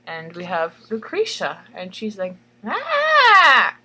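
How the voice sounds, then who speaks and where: A woman's voice: on the high side, very animated, measured pace, a bit bright, a little hiss or hum. A woman reading aloud her own picture book as a playful bedtime story, with jokey asides. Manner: jokey, chatty asides, laughs at own jokes.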